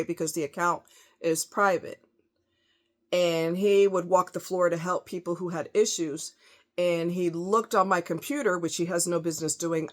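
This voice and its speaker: A woman telling a workplace story in a casual, exasperated, animated monologue. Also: on the low side. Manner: animated, exasperated, quotes others in raised voice. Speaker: storyteller recounting a workplace experience.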